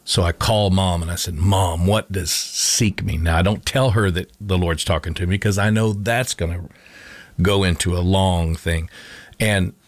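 Deep-voiced man telling his story earnestly. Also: fairly even intonation, a little slow, dry recording. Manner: earnest storytelling with restarts and repetition. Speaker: interview guest, former coach. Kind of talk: personal testimony in conversation.

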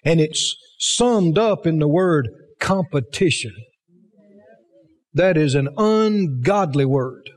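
A man's voice: fairly high pitch, animated, slow, big-room sound. A man preaching a sermon, emphatic, asking the congregation rhetorical questions.

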